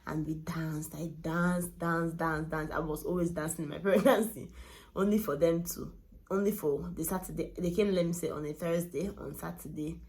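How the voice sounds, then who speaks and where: A young woman telling her pregnancy story to camera in a casual, animated way, laughing often and going hushed on sad parts. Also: low voice, creaky. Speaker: vlogger.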